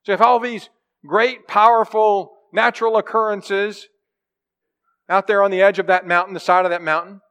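High-voiced man preaching a sermon. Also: level tone, normal speed, fairly bright tone. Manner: reads scripture then explains, voice rising and dropping; conversational, asks the listeners questions.

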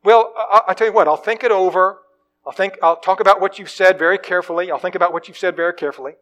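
A man's voice: sits high, fairly even intonation, very fast, fairly bright tone, voice pushed up. A man voicing the ghost of a man, pleading, stammering and whiny in a raised voice. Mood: nervous, pleading.

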